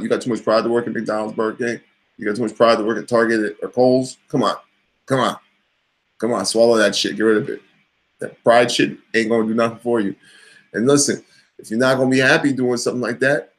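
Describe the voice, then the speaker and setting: Gravelly middle-aged man, mid-pitched, blunt casual vlog pep talk. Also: low-quality recording. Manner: blunt, swears freely, motivational pep talk. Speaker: vlogger and coach. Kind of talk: casual talking-head vlog.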